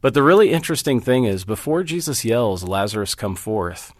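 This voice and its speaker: A man's voice: mid-range voice, big pitch swings, fairly quick, no room sound, studio quality. A middle-aged man, a Bible teacher, speaking as a guest in an interview, earnest and storytelling as he walks through scripture references. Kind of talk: interview conversation.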